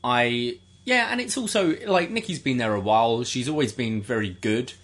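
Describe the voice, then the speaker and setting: A man's voice: mid-range voice, animated, normal speed, fairly bright tone. A British man co-hosting a podcast, laid-back and a bit hesitant. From Britain. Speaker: podcast co-host. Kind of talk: casual chat.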